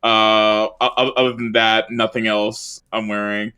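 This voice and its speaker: A player at a medium pitch, describing their character at a tabletop game. The talk rambles eagerly, with plenty of fillers and restarts. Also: flat delivery, unhurried, hardly any pauses, pushed and bright, clean tone. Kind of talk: casual tabletop role-play.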